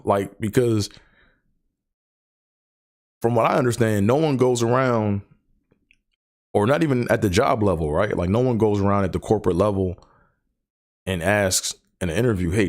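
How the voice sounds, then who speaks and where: A man hosting his own show, talking casually and rambling about stuttering, with many fillers, repeated words and the stutter he lives with. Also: lowish voice. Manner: person who stutters. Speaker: podcast host. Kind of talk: casual solo chat.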